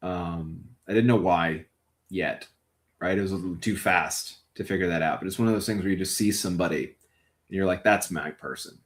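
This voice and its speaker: A man's voice: sits low, normal speed, voice pushed down, close to an everyday voice. A man voicing a caring, blunt partner in a tabletop game, speaking earnestly and swearing often. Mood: tender. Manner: earnest, blunt and profane, tender. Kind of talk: tabletop role-play in character.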